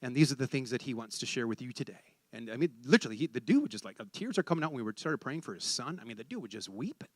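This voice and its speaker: A man's voice: mid-range voice, very animated, racing, few pauses, no echo, studio quality. A man preaching a sermon, telling a story and acting out the conversation, then rising to fervent exhortation.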